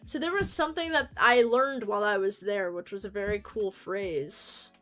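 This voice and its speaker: A woman's voice: mid-range voice, moderate pace, fairly bright tone, faint music behind. A young American woman chatting casually on a livestream, rambling and joking and swearing freely.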